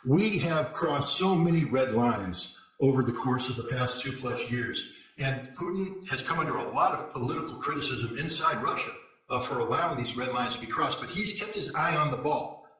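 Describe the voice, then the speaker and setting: A man's voice: medium pitch, expressive, normal speed. Emphatic man in an echoey room. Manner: forceful, repetitive emphasis, sarcastic asides. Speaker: interview guest, military commentator. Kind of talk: emphatic political commentary.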